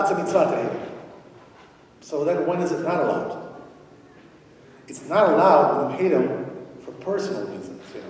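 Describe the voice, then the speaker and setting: A man's voice: on the high side, mellow. A male rabbi giving a Torah lecture to a congregation, speaking conversationally with frequent "you know" and rhetorical questions. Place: synagogue hall at an evening event. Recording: echoey hall from far off.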